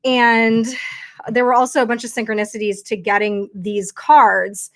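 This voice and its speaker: A woman's voice: a little high, little pitch movement, normal speed. A woman hosting a casual livestream, talking chattily and rambling with lots of fillers into her computer mic. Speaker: livestream host.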